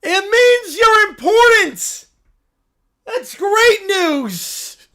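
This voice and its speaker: Tiny cartoon bear, high-pitched, yelling holy nonsense, big swoops. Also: male voice, sing-song, drawn-out words, heavily acted. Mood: gleeful. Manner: shrill, wildly enthusiastic proclamations. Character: excitable little male bear, pizza-church zealot.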